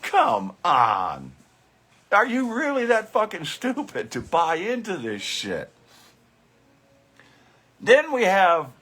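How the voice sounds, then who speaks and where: A man in his live commentary show, slow-paced and sarcastic, with frequent swearing. His voice sits a little high and sounds bright and forceful. It carries a husky, breathy grain. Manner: sarcastic, profane, scoffing. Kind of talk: casual live political commentary.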